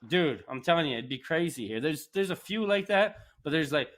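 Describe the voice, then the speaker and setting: A man from Canada chatting casually as a podcast host, rambling and animated, laughing often. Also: on the high side, a little fast. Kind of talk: casual chat.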